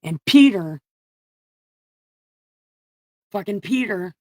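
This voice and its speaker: A woman's voice: mid-range voice, lively intonation, normal speed, no room sound, clean studio sound. A woman hosting a comedic Bible reading, paraphrasing with profane jokes. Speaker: host reading the Bible aloud.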